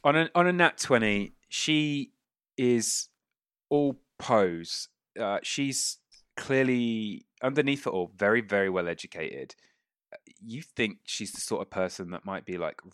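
A man's voice: on the low side, lively intonation, moderate pace, a bit bright, smooth, no echo, clean studio sound. A man narrating a tabletop game as game master, rambling with many fillers and restarts.

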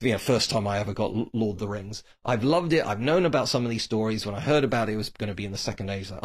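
A man's voice: lowish voice, quick pace, hardly any pauses. A man giving a blunt, opinionated monologue about a TV series, with dismissive asides. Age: adult, grew up reading Tolkien. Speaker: TV series commentator.

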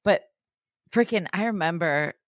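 A woman's voice: on the low side, unhurried, no echo, clean studio sound. A young woman co-hosting a podcast, chatting casually with hesitant fillers and slangy asides. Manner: hesitant, uses filler words, says dude. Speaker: podcast co-host. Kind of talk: casual chat.

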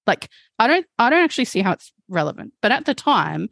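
A woman's voice: fairly high pitch, very animated, fast, creaky, a bit bright, no room sound. A woman speaking as a guest, telling a personal story candidly, with frequent fillers and some swearing. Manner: frank, swears, many fillers like "like" and "um".

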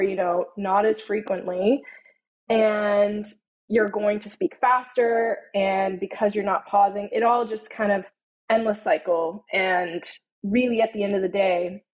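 A young woman guest in a casual interview, talking through her points in a loose, conversational flow. She scatters "you know" and "like" fillers between her thoughts and explains things at an easy, unhurried pace. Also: mid-range voice, fairly even intonation, a little mellow, rough recording. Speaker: guest, tone-of-voice consultant.

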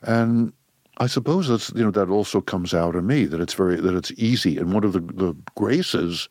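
An older man, a physician, talking slowly and thoughtfully in an interview, with frequent restarts. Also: low-pitched, darkish tone, no echo, clean studio sound. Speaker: physician guest. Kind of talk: reflective interview talk.

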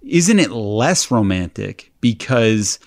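A man's voice: fairly low pitch, sing-song, slow pace, creaky. Amused rambling man telling stories. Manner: rambling, amused storyteller who laughs while telling. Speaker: podcast co-host. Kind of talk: casual chat, storytelling.

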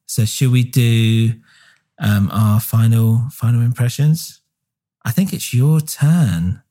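A man's voice: mid-range voice, takes it slowly. A man co-hosting a podcast, chatting casually and enthusiastically with lots of fillers. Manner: relaxed, filler-heavy, enthusiastic. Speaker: podcast co-host. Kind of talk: casual chat.

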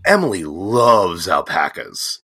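Guy co-hosting a podcast, deep but bright voice, goes up and down a lot, jokey. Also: very animated, slow, husky. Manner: joking, playful, laughs often. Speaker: podcast co-host. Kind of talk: casual chat.

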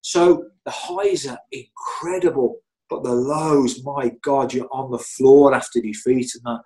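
Middle-aged bloke telling old stories, rambly and chatty, lots of you knows. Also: male voice, medium pitch, very animated, unhurried, darkish tone. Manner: chatty, rambling, many "you know"s and restarts. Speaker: interview guest. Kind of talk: anecdotal storytelling.

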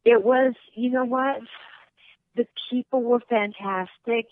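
A woman's voice: fairly high pitch, steady tone, slow, no echo. A woman guest chatting by phone, out of breath, telling stories and laughing easily. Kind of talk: casual phone interview. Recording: tinny phone line.

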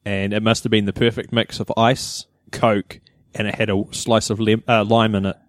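A lower-voiced man from New Zealand hosting a casual chat podcast. He keeps the show moving and teases his co-host in a dry way. The sound is dry, close and without room echo. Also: flat delivery, normal speed. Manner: teasing, dry, steers the conversation.

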